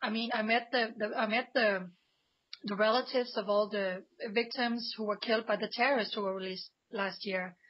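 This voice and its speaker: A woman's voice: mid-range voice, steady tone, moderate pace, muffled recording. A woman from Denmark, a guest on a radio interview, speaking with emphatic passion and frequent restarts. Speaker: guest, pro-Israel activist.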